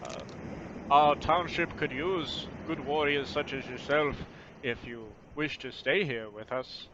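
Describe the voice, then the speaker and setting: A man doing a gruff guard captain with a rough put-on accent. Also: medium pitch, measured pace, close to an everyday voice. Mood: courteous. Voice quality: put-on rough foreign accent, unsure whether Scottish or Austrian. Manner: formal, courteous village guard speech. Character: gruff male guard captain with a greatsword, proud and wary. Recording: muffled lo-fi recording with steady background noise.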